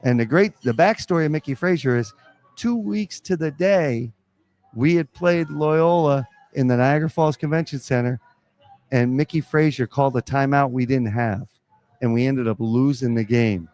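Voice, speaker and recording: Animated storytelling basketball coach, man. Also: mid-range voice, normal speed. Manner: animated storyteller acting out quotes. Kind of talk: storytelling in a live podcast interview. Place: pizza restaurant.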